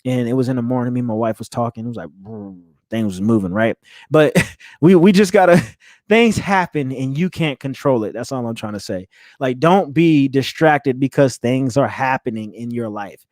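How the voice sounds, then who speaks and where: A man's voice: medium pitch, normal speed, no echo, studio quality. A young man hosting a motivational podcast, talking earnestly and laughing often, with frequent restarts. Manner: earnest, animated, laughs often, repeats words. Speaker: podcast host. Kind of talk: motivational solo podcast talk.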